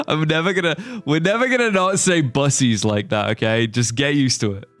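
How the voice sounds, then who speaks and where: Lively British man streaming a game. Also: on the high side, normal speed, dry recording. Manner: chatty, joking, reads chat aloud. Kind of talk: casual live gameplay chat.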